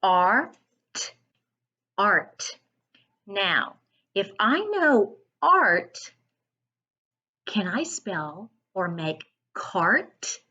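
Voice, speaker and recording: Slow encouraging woman reading teacher. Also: medium pitch, sing-song, pushed and bright, husky, muffled recording. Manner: slow, sounds out each letter, encouraging. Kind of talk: phonics lesson for children.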